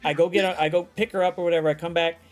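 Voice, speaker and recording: A man's voice: on the high side, level tone, racing, soft background music. Profane man spinning a rambling story. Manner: profane, rambling storytelling full of acted-out quotes. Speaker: guest telling a personal story. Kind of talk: casual chat.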